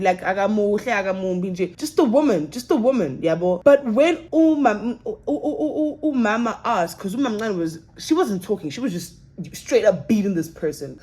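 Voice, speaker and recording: A young woman telling a story in a casual vlog, animated and full of fillers, slipping Zulu phrases into her talk. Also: medium pitch. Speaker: vlogger.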